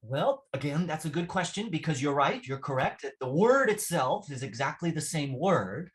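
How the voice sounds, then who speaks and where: A man with a fairly high, animated voice teaches English vocabulary in a classroom at a moderate pace. He is patient, repeats phrases, and keeps checking in with "right?"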